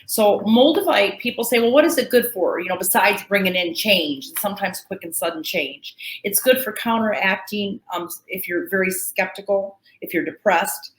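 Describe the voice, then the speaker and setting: A woman's voice: medium pitch, moderate pace, hardly any pauses, fairly bright tone. Chatty woman host in an echoey room. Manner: chatty, folksy, with restarts. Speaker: host selling crystals. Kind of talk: live sales show chat.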